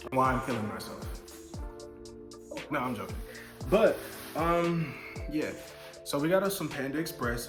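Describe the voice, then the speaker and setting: A young man vlogging a casual storytime while eating, talking loosely with slang, swearing and playful asides. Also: mid-range voice. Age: young adult. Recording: echoey room with music behind.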